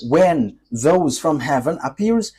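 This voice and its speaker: A man preaches a sermon, his voice dark and mellow but pitched a little high. He rises into loud emphatic proclamations, then drops into hesitant, filler-laden asides. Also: slow, slightly rough. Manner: emphatic, rising to raised proclamations between calmer asides; hesitant, many fillers and restarts.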